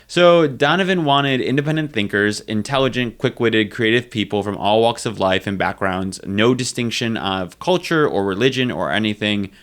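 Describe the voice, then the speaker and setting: A man's voice: on the low side, normal speed, few pauses, fairly bright tone. Chatty young man co-hosting a podcast. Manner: chatty, many fillers, playful asides. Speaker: podcast co-host. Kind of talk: casual chat presenting history.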